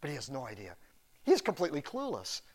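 A middle-aged male pastor delivers a sermon with a noticeably high-pitched voice. He talks casually and rambles, restarting phrases and dropping in playful asides as he retells the story for his listeners. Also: huge pitch swings, quick pace, a little mellow.

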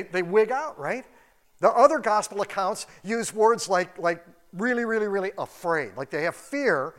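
A pastor giving a casual, animated sermon in a church, acting out quoted voices as he goes. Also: high-pitched. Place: church building.

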